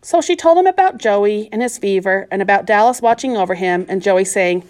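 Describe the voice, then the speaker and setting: A woman reading a children's novel aloud in measured scripted narration. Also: mid-range voice, animated, darkish tone. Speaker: audiobook narrator.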